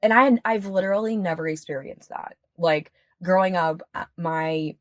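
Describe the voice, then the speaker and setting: Guest: frank, chatty woman, lowish voice, dry studio sound. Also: moderate pace, no echo. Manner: candid and chatty, swears freely, many fillers. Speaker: podcast guest. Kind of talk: casual podcast conversation.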